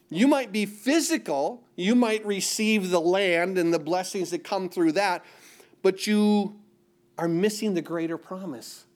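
A high-voiced middle-aged man preaching with emphasis. He keeps asking the room questions and answering them himself in a sermon rhythm. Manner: call-and-response questions, emphatic. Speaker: pastor.

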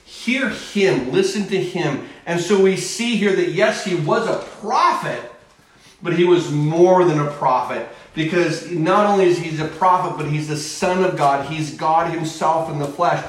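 High-voiced preacher in an echoey hall. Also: male voice, a little slow. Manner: preaching with sudden swings in speed and volume. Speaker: pastor. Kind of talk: sermon. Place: church sanctuary. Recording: very echoey church hall from far off.

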